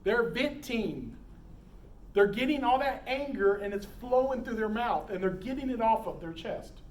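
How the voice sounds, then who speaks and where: Animated male safety instructor, roomy hall. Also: very high voice, moderate pace. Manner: animated, quizzes audience, acts out scenes. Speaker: emergency preparedness instructor. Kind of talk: live classroom talk. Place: lecture room with audience. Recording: roomy hall, distant mic, faint noise.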